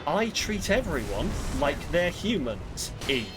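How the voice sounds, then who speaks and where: A man's voice: a little high, sing-song, slow. A young man streaming a game and ranting sarcastically in casual chat. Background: game music.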